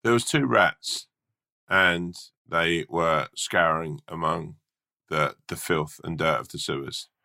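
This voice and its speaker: A man's voice: sits low, fairly even intonation, slow pace, vocal fry, sharp tone. A man co-hosting a podcast and telling a rambling, swear-laden story full of fillers. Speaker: podcast co-host. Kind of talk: casual chat and rambling storytelling.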